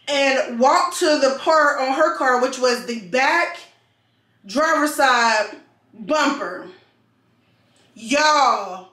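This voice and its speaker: Animated high-voiced woman telling a story. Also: far from the mic. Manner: animated, repeats phrases for emphasis. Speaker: vlogger. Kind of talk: storytime vlog. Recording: roomy sound, mic set back.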